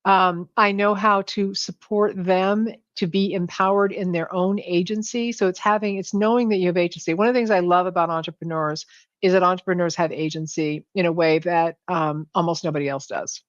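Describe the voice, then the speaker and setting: Woman guest, animated coach who restarts her sentences a lot, heard dry and lo-fi over a call. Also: on the low side, brisk, no room sound. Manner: animated, many restarts and self-corrections. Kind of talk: conversational interview. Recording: dull lo-fi sound, dry.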